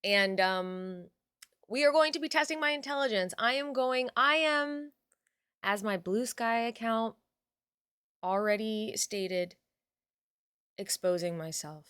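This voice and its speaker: A woman's voice: mid-range voice, takes it slowly, long pauses, fairly bright tone, smooth, dry recording, studio quality. A young adult woman chatting casually on a live stream, reading out her chat and swearing now and then.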